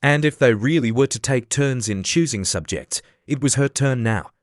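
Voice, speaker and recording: A man reading a classic story aloud as an audiobook narrator, steady and even. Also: mid-range voice, normal speed, no echo, clean studio sound. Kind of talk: scripted narration.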